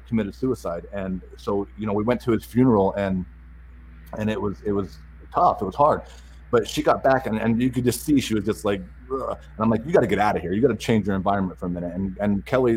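A middle-aged man telling a story as a guest in a casual chat, animated, repeating words and acting out the dialogue. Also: lowish voice, a little hiss or hum, poor audio.

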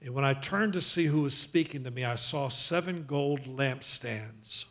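A male pastor preaching a sermon, slowing down to read scripture dramatically and calling on the congregation to repeat after him. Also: medium pitch, a bit bright. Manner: emphatic preaching, calls on the congregation to repeat lines; slows for dramatic scripture reading.

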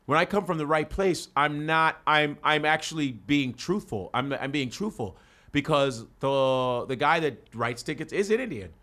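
A man's voice: fairly high pitch, lively intonation, normal speed, pushed and bright. A man talking in brash, profane, casual comedic banter as a podcast host, often cutting across his co-host. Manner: brash, profane, talks over others.

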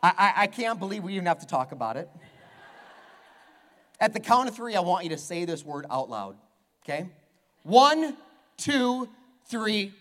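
A pastor in a church, preaching with a playful, teasing edge. His voice sits high for a man and jumps all over the place as he jokes with the congregation. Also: big pitch swings, fairly quick, long pauses, a bit bright. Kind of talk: sermon. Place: church hall with a live congregation.

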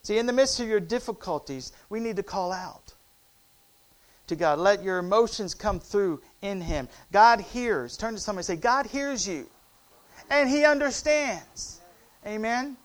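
A man preaching a sermon, calling on the congregation and swinging between loud cries and hushed, quiet passages. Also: high voice, expressive, normal speed. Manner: call-and-response preaching, rising to loud cries and dropping to hushed tones.

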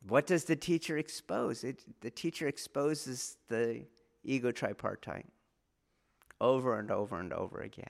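A man's voice: mid-range voice, normal speed, vocal fry. A man teaching martial arts in a spoken talk, earnest and questioning, repeating key phrases for emphasis. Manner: asks the listener rhetorical questions.

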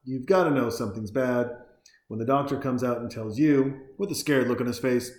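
Reacting to a movie at home over a beer, a man speaks briskly in a mid-range, slightly mellow voice, with reverberation from the room. He rambles and jokes, swears freely, and acts out lines as he goes.

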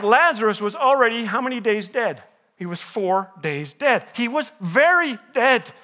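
A man preaching a chapel sermon in a high voice with a bright, forceful edge. He keeps it jokey and asks the audience questions. He acts out the lines of the people in the story as he goes. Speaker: chapel speaker. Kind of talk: humorous sermon.

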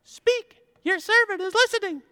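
A man voicing the young boy Samuel in a high falsetto, eager and obedient, in an echoey church hall. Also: normal speed, sharp tone, heavily acted. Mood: earnest.

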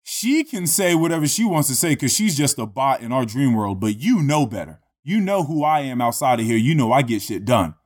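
A man recounts a story in a loose, conversational way, swearing freely and leaning on "like" and "you know". His voice sits at an ordinary middle pitch, and he sounds easygoing. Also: animated, a little fast, hardly any pauses. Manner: laid-back, profane, many fillers like "you know". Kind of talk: casual storytelling chat.

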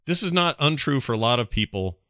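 A man hosts a relaxed podcast chat, curious and quick to laugh. His voice is bright and forward. It sounds dry and close to the mic. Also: medium pitch, no room sound. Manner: easygoing, laughs often, asks questions. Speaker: podcast host. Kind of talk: casual chat.

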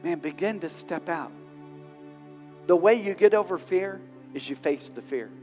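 A high-pitched male pastor with a Southern US accent preaches in a big hall that rings with long reverb. He is openly emotional and climbs to loud, urgent exhortation, with soft music under him. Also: a little slow. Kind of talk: sermon. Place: large venue with long reverb.

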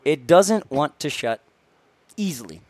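Young man, podcast co-host, insistent storyteller, slightly high voice, dry close mic. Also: animated, measured pace, darkish tone, no echo. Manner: insistent, keeps retelling his story in order. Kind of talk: casual storytelling among friends.

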